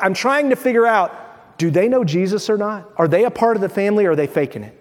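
High-voiced man preaching in a reverberant hall. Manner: conversational, humorous storytelling with scripture reading. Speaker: pastor. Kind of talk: sermon.

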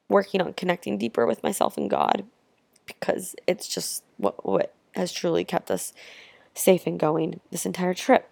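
A young woman vlogging about her travels, telling stories casually and warmly with lots of filler words. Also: fairly low pitch, very animated, moderate pace, gravelly, no echo. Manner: chatty, heartfelt, lots of "like" fillers. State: tearful at times. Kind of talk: casual storytelling to camera.

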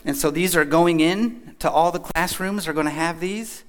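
A man's voice: a little high, normal speed. A man from Kentucky giving a casual, joking talk as a guest speaker at a church. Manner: chatty, joking, folksy. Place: church hall.

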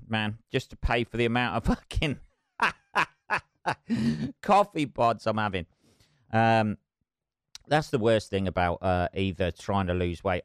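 Middle-aged guy swearing his way through a chatty solo podcast, smooth voice. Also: mid-range voice, no echo, clean studio sound. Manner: rambling, sweary and self-mocking. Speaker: podcast host. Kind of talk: casual solo podcast chat.

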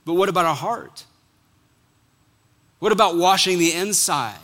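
A middle-aged man preaching a sermon as pastor, animated, acting out quotes and dropping suddenly quiet. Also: high voice, measured pace.

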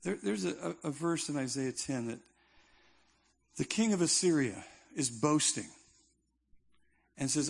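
A man's voice: fairly high pitch, expressive, measured pace, gravelly, pauses often, husky. A male pastor preaching a sermon in a conversational, emphatic style with touches of humor.

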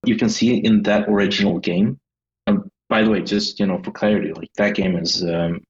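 A man's voice: on the low side, fairly even intonation, moderate pace, dull audio. A man with a Swedish accent, a game designer talking hesitantly as a guest and searching for his words. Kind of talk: casual interview chat.

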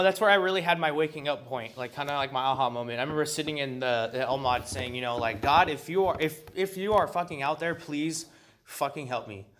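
A man's voice: medium pitch, fairly bright tone, slight background noise. Man casually sharing at a recovery meeting. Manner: loose and profane, heavy with fillers. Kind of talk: casual personal share.

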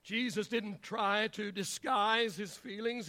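A man preaching a sermon as pastor, with a repetitive, rhythmic cadence that swells to shouts and drops into drawn-out pauses. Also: extremely high pitch, expressive.

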